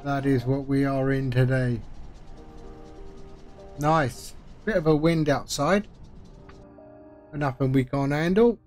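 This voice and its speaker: A man's voice: medium pitch, slow pace, pauses often, a little mellow, faint music behind. A man streaming a flight simulator, chatting casually as he talks through each step with friendly asides. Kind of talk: live-stream commentary while playing.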